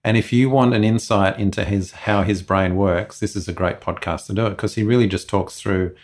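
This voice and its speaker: A man co-hosting a podcast, chatting casually and talking through his opinions in a relaxed, frank way. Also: on the low side, brisk. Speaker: podcast co-host.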